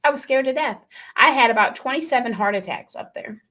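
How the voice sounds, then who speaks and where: A middle-aged woman from Scotland, co-hosting a casual radio talk show and telling stories in a lively, laughing way. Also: fairly high pitch, fairly quick. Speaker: co-host. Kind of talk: casual chat.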